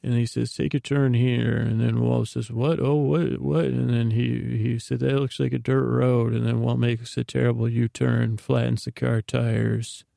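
A man's voice: medium pitch, flat delivery, normal speed, gravelly, few pauses, warm tone, no echo, clean studio sound. A man hosting a sleep podcast, retelling a TV episode in a meandering bedtime ramble full of restarts and asides. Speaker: podcast host.

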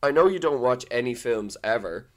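A man's voice: medium pitch, expressive, moderate pace. A young Irishman from co-hosting a podcast, chatting casually, laughing often and swearing freely. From Ireland. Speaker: podcast co-host. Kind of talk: casual chat.

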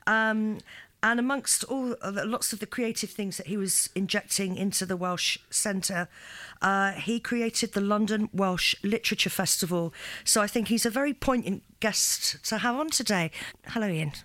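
A woman's voice: medium pitch, normal speed, fairly bright tone. A woman hosting a radio chat show, talking in a chatty, giggly way with many fillers. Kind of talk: casual chat interview. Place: London radio studio.

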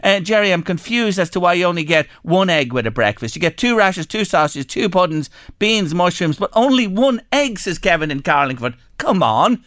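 Irish male radio host, slightly high, very lively voice, chatty and curious, dry studio sound. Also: fairly quick, hardly any pauses, no room sound. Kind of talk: lively radio chat, reading listener texts.

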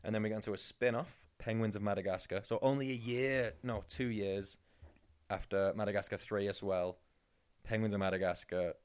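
A man's voice: on the low side, steady tone, a little fast, clear, resonant tone. A man co-hosting a podcast, chatting casually and teasing his co-host with sarcastic asides. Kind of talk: casual chat.

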